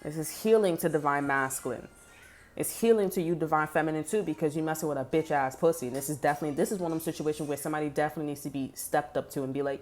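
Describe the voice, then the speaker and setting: A woman's voice: sits low, rapid-fire, a little mellow, soft background music. A woman giving a casual spoken tarot reading, blunt, heated and full of swearing. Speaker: tarot reader.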